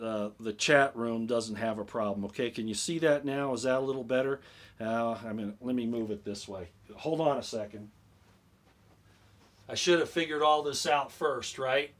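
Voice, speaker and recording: On a laid-back YouTube livestream, a man explains things in a medium-pitched voice. He gets worked up, says things more than once, and keeps checking with viewers by asking "okay?".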